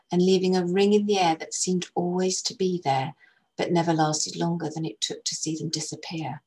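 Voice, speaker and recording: Husky, low-voiced woman reading a story. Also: level tone, low-quality recording. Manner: gentle, measured reading. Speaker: narrator, actress reading a story. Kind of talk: storybook narration.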